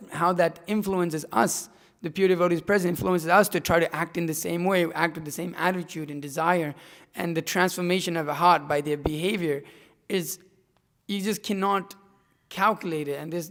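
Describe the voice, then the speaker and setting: A young man sharing a casual, heartfelt testimony at a scripture class, rambling with many likes and restarts. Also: on the high side. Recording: long echoey hall reverb.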